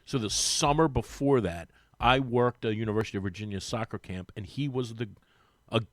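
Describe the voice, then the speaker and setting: A man chatting casually as a guest in a radio studio, telling animated stories with frequent restarts. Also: medium pitch, normal speed, no room sound. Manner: animated storyteller, mimics voices, lots of restarts. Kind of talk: casual sports radio chat. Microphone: studio microphone.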